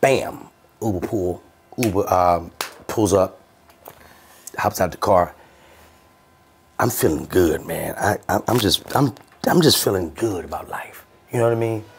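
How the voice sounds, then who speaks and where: A man hosting a podcast, telling a comedic story in an animated, profane way. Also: deep voice, a little hiss or hum. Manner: animated, profane, swaps between voices. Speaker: podcast host.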